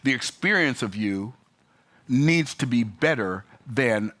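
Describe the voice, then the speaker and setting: A man telling an animated, exasperated story in an emphatic, sarcastic vlog rant. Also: medium pitch, slow. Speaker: business vlogger.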